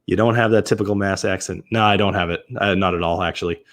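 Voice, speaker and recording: Rambling, low-voiced man chatting on a live stream. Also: steady tone, fast talker, fairly bright tone. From Massachusetts, USA. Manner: rambling and chatty, often restarts and corrects himself while answering chat. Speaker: whiskey reviewer hosting a live stream. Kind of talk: casual live-stream tasting chat.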